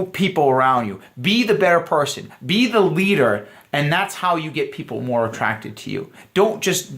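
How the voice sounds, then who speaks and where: A man's voice: fairly high pitch, a bit bright. A man giving earnest, emphatic dating advice straight to camera, talking to viewers as guys. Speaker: dating coach. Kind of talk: direct-to-camera coaching talk.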